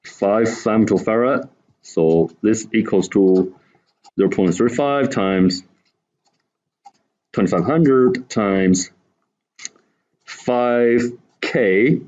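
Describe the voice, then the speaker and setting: Low-voiced man lecturing to a class. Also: darkish tone, dull audio. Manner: explaining step by step, asking the class questions. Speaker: university lecturer.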